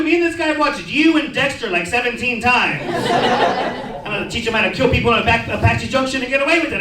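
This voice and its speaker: A man's voice: extremely high pitch, lively intonation, a little fast, very noisy. A man performing a crude, self-mocking stand-up set about parenting and army life at a comedy venue, often acting out other people's lines. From California. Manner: crude, self-mocking storytelling with acted quotes. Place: comedy venue with live audience. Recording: roomy, distant live stage recording with crowd.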